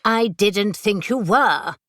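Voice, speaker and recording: A woman's voice: medium pitch, slow, fairly bright tone, no echo, studio quality. Woman doing a blunt, impatient witch. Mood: urgent.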